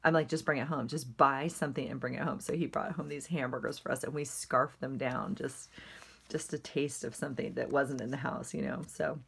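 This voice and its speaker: A middle-aged woman with a low-pitched voice talks through her journal pages. Her chatty, rambling delivery is full of fillers. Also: fairly even intonation, brisk, creaky, slightly rough. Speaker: journaling vlogger.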